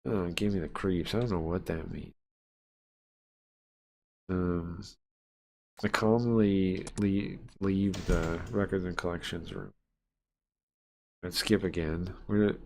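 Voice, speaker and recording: A man's voice: deep voice, creaky, a little mellow, a little hiss or hum. A man streaming a horror visual novel, reading its lines aloud and chatting casually in between, with plenty of fillers and asides. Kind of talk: live let's-play, reading game text aloud.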